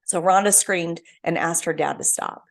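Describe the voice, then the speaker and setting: Here a young female podcast host reflects on her own, sharing a story with earnest sincerity at normal speed. A gravelly quality runs through her somewhat low voice.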